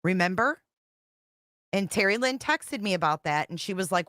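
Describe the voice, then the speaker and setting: A true-crime commentary host with a mid-range, fairly bright voice reads text messages aloud on a casual livestream, animated and at a moderate pace. She rambles, swears, and sounds exasperated, and the audio is clean studio sound with no room echo.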